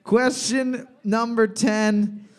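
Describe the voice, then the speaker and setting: A man's voice: extremely high pitch, little pitch movement, extremely slow, smooth. A man hosting a casual trivia game, reading questions and cracking crude jokes. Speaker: trivia host.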